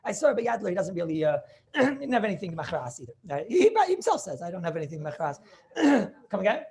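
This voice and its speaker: A man's voice: high voice, huge pitch swings, fast talker, gravelly, darkish tone. A man teaching a Talmud class over a video call, thinking aloud with many restarts and questions to his students.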